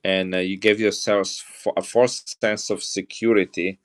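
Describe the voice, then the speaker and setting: A deep-voiced middle-aged man with an Italian accent talks casually on a live stream. He chats with viewers and shows off coins as he goes. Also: little pitch movement, unhurried. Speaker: coin seller on a live stream.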